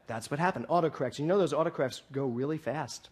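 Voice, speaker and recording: A man's voice: on the high side, quick pace. A man preaching to a congregation on a stage mic, telling stories with humor and acting out the dialogue. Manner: playful storytelling, acting out dialogue. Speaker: minister. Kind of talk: sermon. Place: hall, before a congregation.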